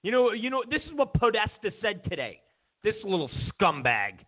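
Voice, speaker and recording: A man's voice: high-pitched, big pitch swings, normal speed. A man hosting a political commentary show, ranting in a sarcastic, mocking way, stumbling over restarts and mimicking opponents. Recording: tinny phone-like lo-fi sound.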